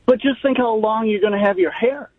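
A man's voice: high-pitched, brisk, husky, no room sound. A man calling in to a radio show, joking and upbeat. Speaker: caller. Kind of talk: call-in chat. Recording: thin phone line.

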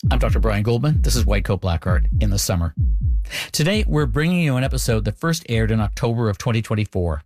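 A man, a doctor, hosting a radio show in calm, measured scripted narration. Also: on the low side, creaky, no room sound, soft background music.

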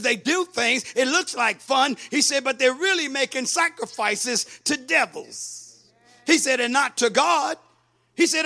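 A man delivers a fiery sermon in a very high, bright voice. He reads verses slowly, explains them, then rises to emphatic shouted calls. His tone stays forceful and ringing throughout. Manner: emphatic preaching, quoting scripture, rising to shouts. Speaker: pastor.

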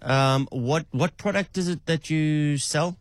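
A man's voice: a little high, slow, dry recording. A man casually testing an AI phone agent, asking playful questions in a teasing, off-hand, amused way.

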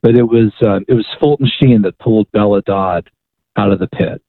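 A male author, a guest on a radio talk show, telling a story with lively restarts and repeated words. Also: on the low side, moderate pace, gravelly, dry recording. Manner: animated storyteller with frequent restarts. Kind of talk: phone-in radio interview storytelling. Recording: tinny phone line.

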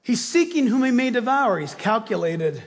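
Husky, animated male pastor in a hall. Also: very high-pitched, normal speed. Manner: animated storytelling, acting out voices. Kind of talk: sermon. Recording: long reverb of a large hall.

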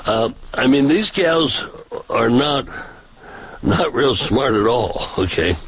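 Breathy man telling street-preaching stories. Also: slow, no room sound, rough recording. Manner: animated, pitch jumps for quoted voices. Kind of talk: casual storytelling.

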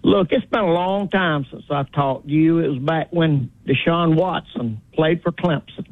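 A man's voice: fairly high pitch, measured pace, no echo. Polite older male caller on phone. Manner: polite, says "sir". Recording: tinny phone line.

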